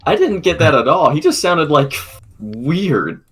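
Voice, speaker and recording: A man's voice: on the high side, very animated, measured pace, a bit bright, breathy edge. A young man co-hosting a podcast over an online voice call, chatting and explaining with lots of filler likes. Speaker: podcast co-host. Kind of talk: casual chat.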